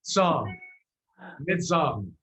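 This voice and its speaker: A man's voice: fairly high pitch, extremely slow, rough recording. Rambling storytelling male musician. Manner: animated storyteller with many fillers and restarts. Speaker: musician guest. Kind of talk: casual storytelling interview.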